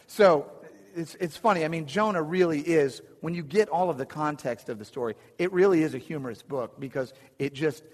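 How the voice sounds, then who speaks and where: A man's voice: a little high, brisk, darkish tone. A man preaching a conversational sermon from slides, with chuckling asides and frequent restarts. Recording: long reverb of a hall.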